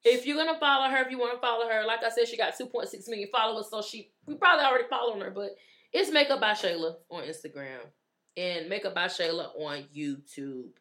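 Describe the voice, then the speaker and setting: A woman hosts a casual talk show. She speaks in a chatty, familiar way, calling her listeners "ladies" and "honey." Her voice sits at an ordinary middle pitch for a woman. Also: fast talker, a bit bright. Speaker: podcast co-host. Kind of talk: casual chat.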